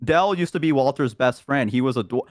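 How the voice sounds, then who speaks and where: A young man telling a long tabletop-game story with lots of fillers and restarts, his pitch sitting in an ordinary middle range. He is heard close and dry over a remote call, with no room sound behind him. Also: a little fast, no room sound. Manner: rambling, filler-heavy storytelling. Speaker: stream guest.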